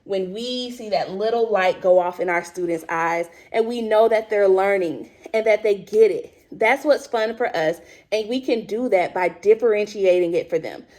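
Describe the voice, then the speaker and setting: A woman who teaches high school drama, presenting teaching tips to other teachers in a lively, chatty and direct way. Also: moderate pace, hardly any pauses.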